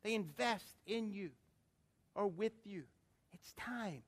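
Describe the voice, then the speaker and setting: Male pastor, middle-aged, high-pitched, animated sermon delivery with call-and-response. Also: slow. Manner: animated, calls for congregation responses. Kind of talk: sermon with anecdote.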